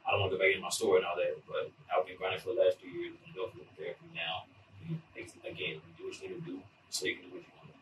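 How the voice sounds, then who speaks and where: A man chatting as a podcast guest, talking rapidly with stammering restarts. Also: sits low, little pitch movement, fairly bright tone, a little hiss or hum. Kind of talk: casual chat. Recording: roomy, distant mic, faint ambience.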